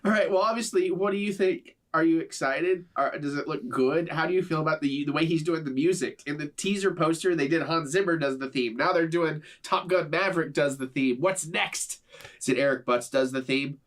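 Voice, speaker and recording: A man's voice: a little high, a little fast, fairly bright tone. A man in a video reacting to a film trailer, rambling earnestly and gushing as a devoted fan. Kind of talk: enthusiastic fan reaction commentary.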